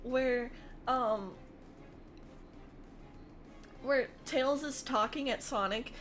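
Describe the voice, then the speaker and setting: A woman's voice: high voice, slow, a bit bright, faint music behind. A woman streamer chatting casually with her viewers, chatty and giggly. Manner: chatty, giggly, addresses chat. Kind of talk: casual livestream chat.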